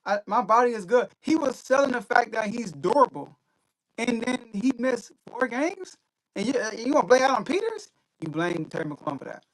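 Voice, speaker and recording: A man's voice: extremely high pitch, very animated, normal speed, dry recording, poor audio. A man hosting a sports talk show, arguing blunt, emphatic points in casual chat over a video call with glitchy audio.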